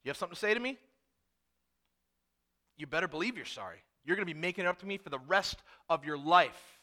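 Angry Southern dad, barking taunts, fairly high voice, a man putting it on. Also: big pitch swings, brisk, pushed and bright, heavily acted. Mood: angry, taunting. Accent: Southern US (put on). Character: angry, scolding Southern father of a runaway son.

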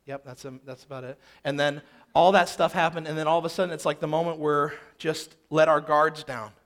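A man's voice: fairly high pitch, steady tone, fairly quick, a bit bright. A man in his thirties telling a personal story in a sermon, emphatic and fond of repeating phrases for rhythm.

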